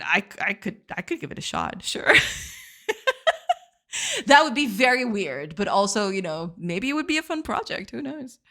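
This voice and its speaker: On a game development live stream, a Portuguese-speaking woman chats casually, giggling as she responds to chat. Her voice is medium in pitch, with a creaky texture and a sharp edge.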